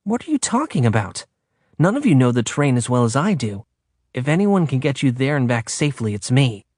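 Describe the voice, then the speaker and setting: A man's voice: medium pitch, very animated, a little fast, darkish tone, no room sound, clean studio sound. A man reading an audiobook, voicing a defiant young woman from Earth who teases and insists. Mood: insistent. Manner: teasing, confident.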